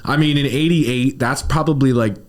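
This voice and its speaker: A man's voice: medium pitch, moderate pace. A man co-hosting a film podcast, joking casually and steering the talk to the next segment. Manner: lively, joking, runs the segments. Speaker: podcast co-host. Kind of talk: casual chat about films.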